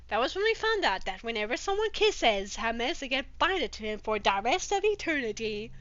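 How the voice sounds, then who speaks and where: A woman with a high-pitched voice that swings widely, reading fanfiction aloud as a comedy bit. She mocks the story in a profane, exasperated way and keeps it sarcastic and sharp. The recording sounds slightly dull and lo-fi. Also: sing-song, brisk, hardly any pauses, no echo. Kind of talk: comedic dramatic reading with commentary.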